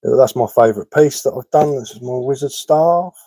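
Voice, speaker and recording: Speaking fairly quickly in a mellow, mid-range voice, this live-stream host and woodcarver from England chats casually and replies to comments from viewers. His accent mixes West Sussex English with London, and he comes across as chatty and matter-of-fact, saying um a lot and repeating himself. It's a low-quality recording with no echo.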